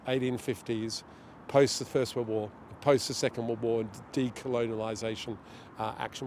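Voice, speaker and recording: A middle-aged man being interviewed outdoors, talking in an animated way and acting out what others say. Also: mid-range voice, a little hiss or hum. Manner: animated, storytelling, acts out quotes. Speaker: guest, director of a global governance group. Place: outdoors near a street demonstration.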